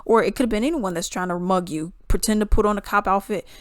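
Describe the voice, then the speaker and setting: Blunt, animated woman commenting. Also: mid-range voice, quick pace, no room sound, studio quality. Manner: blunt, animated, acts out quotes in voices. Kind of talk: casual commentary.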